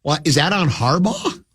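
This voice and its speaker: A man hosting a sports talk radio show, sounding lower than usual from a cold, rambling and restarting his sentences. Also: very animated, slow pace, fairly bright tone, slightly rough. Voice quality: usually whiny and nasal.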